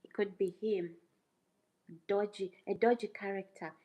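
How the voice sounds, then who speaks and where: A woman's voice: mid-range voice, fairly even intonation, unhurried, warm tone, poor audio. A woman hosting her own livestream, speaking casually and emphatically to her chat, repeating phrases and asking rhetorical questions. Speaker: YouTuber livestream host.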